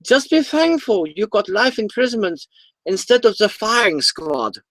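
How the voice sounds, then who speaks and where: A stern German prison officer barks in a raised, haughty voice, as a man puts on the accent. He sounds high and pinched, well above a plain speaking voice, and the recording is close and dry. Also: big pitch swings, unhurried, fairly bright tone, no echo, exaggerated voice. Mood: scolding. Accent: put-on German.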